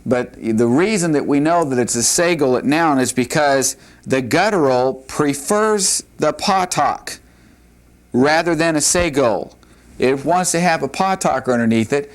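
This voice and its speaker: A man's voice: fairly high pitch, lively intonation, measured pace. A man teaching a Hebrew grammar lesson at a board in a classroom, patiently repeating key points with frequent "all right" and "uh".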